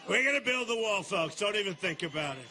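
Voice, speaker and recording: An older man giving a campaign rally speech in a large venue, boastful and repetitive, turning to the crowd with asides and shouted slogans. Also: high-pitched, animated, quick pace, a little hiss or hum. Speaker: political candidate.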